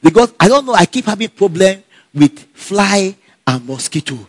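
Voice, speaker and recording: High-voiced man telling a story. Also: moderate pace, slightly rough, no room sound. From Nigeria. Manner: animated, laughs often, acts out dialogue. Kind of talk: casual personal storytelling.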